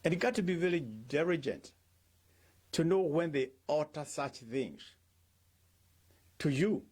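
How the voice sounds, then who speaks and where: Middle-aged man, pastor, slow and deliberate delivery, very expressive pitch, questions his listeners and acts out quotes. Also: breathy edge. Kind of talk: devotional talk.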